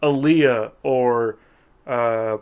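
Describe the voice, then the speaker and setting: This is a young man talking casually on a podcast, loose and profane, with "dude" tacked onto his sentences. His voice sits at an ordinary middle pitch for a man. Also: very slow, a little mellow, clean tone. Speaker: podcast co-host. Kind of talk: casual chat.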